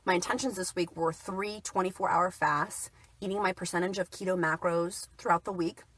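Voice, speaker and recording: A woman's voice: on the low side, steady tone, moderate pace, fairly bright tone, breathy edge. A woman talking casually and cheerfully on a livestream, chatting about her day and reading out viewer comments. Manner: chatty, upbeat, reads viewer comments aloud. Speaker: keto vlogger.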